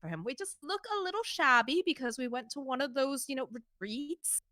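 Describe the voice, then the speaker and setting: A woman's voice: high voice, lively intonation, brisk, bright, forceful tone, dry recording, studio quality. A woman putting on a posh fancy merchant. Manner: posh, airy.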